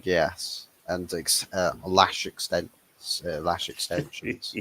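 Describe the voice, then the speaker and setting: Man, very deep voice, stream host, dry jokey delivery. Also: level tone, slow pace, pushed and bright. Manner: dry, joking quips. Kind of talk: casual football chat on a live stream.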